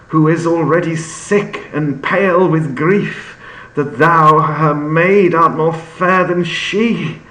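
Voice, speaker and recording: A man reading the part of Romeo, a lovestruck and hyperbolic young man, declaiming the verse slowly. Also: fairly high pitch, a bit bright, voice pushed up. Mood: impassioned. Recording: echoey room with faint ambience.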